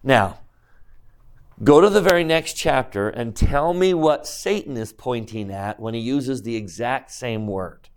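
A man at a middle pitch leads a scripture lecture. He keeps questioning his listeners and moves between quiet, reflective asides and emphatic climbs. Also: normal speed, hardly any pauses, clean tone. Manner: questions the class directly. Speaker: religious teacher.

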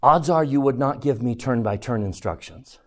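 With a mid-range, animated voice, this man teaches a devotional class as a religious teacher. His delivery is slow and deliberate, and he occasionally drops almost to a whisper to stress a point.

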